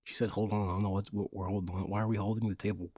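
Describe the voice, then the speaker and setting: A man's voice: on the low side, little pitch movement, racing, mellow, slightly rough, no room sound. A man co-hosting a podcast, chatting casually with dry quips that often drop to a mumble. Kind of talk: casual chat.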